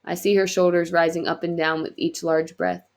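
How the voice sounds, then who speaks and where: A woman reading a novel aloud in quiet, earnest first-person narration. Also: fairly low pitch, level tone, moderate pace, gravelly. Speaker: audiobook reader.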